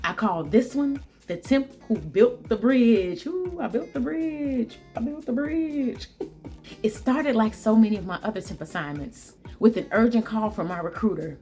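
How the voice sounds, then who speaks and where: A woman vlogger tells her viewers a story about work, speaking casually to camera. She's chatty and repeats lines for emphasis, addressing her audience as "guys" and "y'all." Her voice is medium-pitched with a darkish tone.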